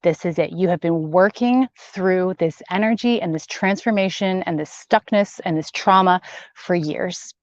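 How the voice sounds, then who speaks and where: A woman's voice: on the low side, a little slow, no echo. A woman hosting a live spiritual broadcast, talking emphatically, repeating words and reading out viewer comments. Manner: chatty, warm-hearted, reads viewer comments aloud. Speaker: spiritual channeler and host. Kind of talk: live-streamed spiritual message. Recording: dull lo-fi stream audio.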